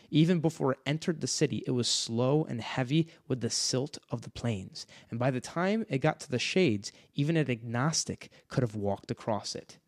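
American guy gushing about a book, reads bits out loud, a bit high voiced, laughs a lot. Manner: gushing, eager, often breaks into laughter. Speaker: podcast co-host. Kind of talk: casual book discussion, reading passages aloud.

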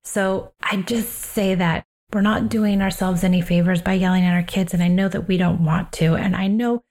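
A woman who is a parenting coach and host, talking through personal advice in a calm, unhurried, reflective way. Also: on the low side.

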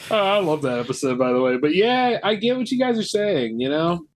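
A man's voice: on the high side, big pitch swings, brisk. A man who is a guest on a comedy podcast, chatting in a laid-back, joking way. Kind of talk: casual comedy chat.

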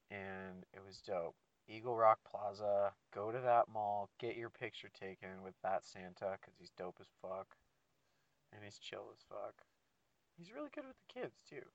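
A man's voice: on the low side, no echo. A man ranting casually to his listeners about his job, rambling and swearing a lot. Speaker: seasonal mall Santa photo worker. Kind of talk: casual profane rant to listeners. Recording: dull, dry lo-fi recording.

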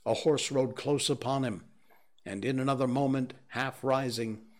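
A man reading a novel aloud as an audiobook narrator, in a slow, measured and grave way. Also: medium pitch, fairly even intonation. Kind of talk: scripted narration.

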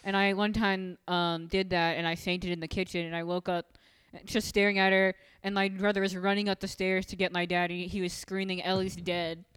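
A woman's voice: on the low side, level tone, moderate pace, a bit bright, clear, resonant tone. A woman in casual chat, telling stories from her childhood with frequent laughter. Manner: storytelling, laughs often. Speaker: podcast co-host.

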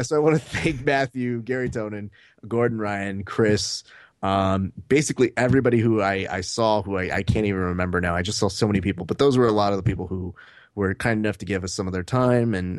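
A man co-hosting a podcast, telling animated stories and swearing casually. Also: fairly low pitch, brisk, no room sound, studio quality. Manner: animated storyteller, acts out quotes, swears. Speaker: podcast co-host.

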